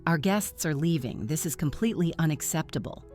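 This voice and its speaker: A cold, sneering mother with a sharp, demanding tone, read by a woman narrator. Her pitch sits low, and soft music plays underneath. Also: lively intonation, fairly quick.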